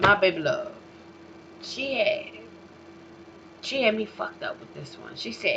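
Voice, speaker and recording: A woman hosting her own vlog, ranting in a profane, emphatic way, swinging from loud outbursts to low mutters. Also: sing-song, a little slow, creaky, long pauses. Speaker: vlog host. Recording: dull lo-fi recording with faint noise.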